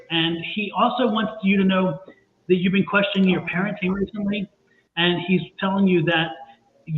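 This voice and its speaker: A man giving a live psychic reading, earnest and reassuring, repeating himself often. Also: sits high. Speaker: tarot and psychic reader. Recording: echoey, phone-like line with faint noise.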